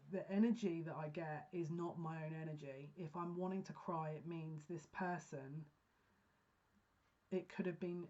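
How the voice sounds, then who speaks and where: A woman giving a pick-a-card psychic reading, talking earnestly and emotionally with halting restarts. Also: on the low side, darkish tone. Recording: dull lo-fi sound.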